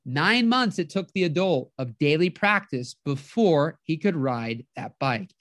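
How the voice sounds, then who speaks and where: A podcast host giving a motivational talk in an animated way, often acting out inner voices and checking in with the listener. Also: medium pitch, unhurried, no echo, clean studio sound. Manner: animated, acts out inner voices, keeps asking "right?".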